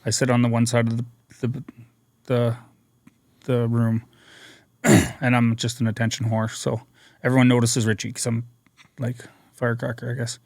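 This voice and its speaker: A man telling his recovery story as a podcast guest, earnest and energetic, acting out what people said. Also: mid-range voice, moderate pace, vocal fry, pauses often, no echo. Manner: energetic, earnest storyteller who acts out quotes. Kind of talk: personal storytelling interview.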